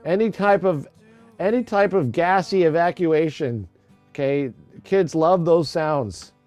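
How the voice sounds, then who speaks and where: A man's voice: fairly high pitch, unhurried, a little mellow, no echo, faint music behind. A middle-aged man chatting casually on a livestream, rambling and joking crudely. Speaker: livestream host.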